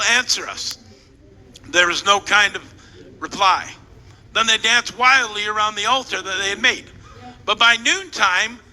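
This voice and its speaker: A man's voice: high-pitched, pushed and bright. A man preaching as a pastor, playfully retelling a scripture story while directing volunteers and joking with the crowd, through a stage mic in a church hall. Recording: long echo in a large hall with faint noise.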